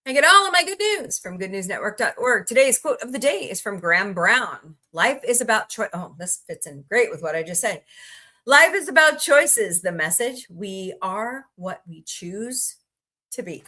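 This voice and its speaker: A woman's voice: mid-range voice, animated, normal speed, sharp tone. A woman hosting a casual livestream, chatting, greeting viewers by name and rambling through asides. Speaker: livestream host.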